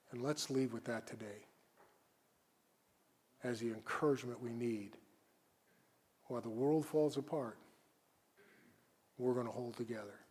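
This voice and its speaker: A man preaching a sermon as guest preacher, swinging between loud emphasis and quiet asides. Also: medium pitch, moderate pace, pauses often, breathy edge.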